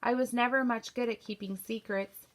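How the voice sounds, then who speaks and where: A woman voicing a broken, stammering gentleman. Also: on the high side, fairly even intonation, normal speed, lightly acted. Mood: sheepish. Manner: strained, pleading, stammering. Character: distraught grieving gentleman, master of the house. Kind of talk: reading a novel aloud.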